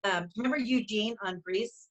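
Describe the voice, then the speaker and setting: A woman's voice: mid-range voice, normal speed. A middle-aged woman co-hosting a casual talk show, telling stories in an effusive, rambling way. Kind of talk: casual chat.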